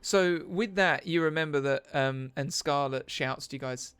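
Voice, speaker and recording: Guy running a tabletop game, laughs a lot, fairly high voice, dry sound. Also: moderate pace, few pauses, fairly bright tone, smooth, no room sound, soft background music. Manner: laughing, self-conscious. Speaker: game master.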